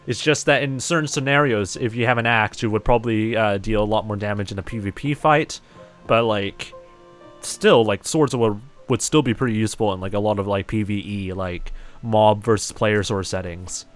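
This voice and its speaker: A man's voice: on the low side, moderate pace, faint music behind. A man from New Zealand with a light, slightly American-sounding accent. He chats casually to his live-stream audience while playing a game, leaning on "like" and "um" and restarting often. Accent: light New Zealand, somewhat American-sounding. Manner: rambling, heavy use of "like" and "um", many restarts. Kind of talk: casual live-stream chat while gaming, reading chat aloud.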